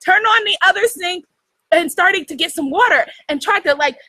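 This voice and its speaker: A woman from New hosting a spiritual livestream, telling a story in an animated way, laughing often and talking straight to her viewers. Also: extremely high pitch, normal speed, no room sound, poor audio. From United States. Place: outdoors in the jungle.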